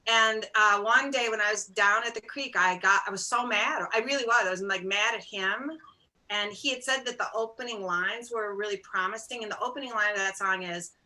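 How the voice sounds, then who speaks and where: A middle-aged woman, a singer-songwriter guest, telling stories in a casual interview in an animated, self-deprecating way, acting out bits of dialogue. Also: mid-range voice, brisk, low-quality recording. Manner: animated, acts out quoted dialogue.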